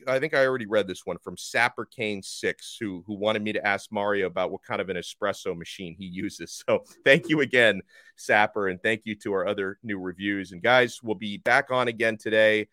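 Man, sports podcast host, quick and upbeat, lowish voice, dry close sound. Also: pushed and bright, no echo. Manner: fast-talking, enthusiastic. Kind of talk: solo sports podcast talk.

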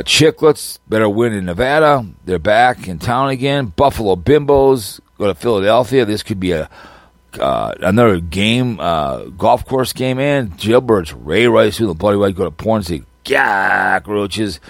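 Low-voiced man mocking teams. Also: expressive, measured pace, vocal fry, no echo. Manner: crude mocking nicknames, rambling, laughs at own jokes. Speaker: podcast host. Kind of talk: casual solo sports picks podcast.

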